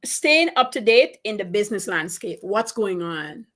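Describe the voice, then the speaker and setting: A woman business coach giving advice in an interview, animated and emphatic, repeating her points for stress. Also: medium pitch, moderate pace.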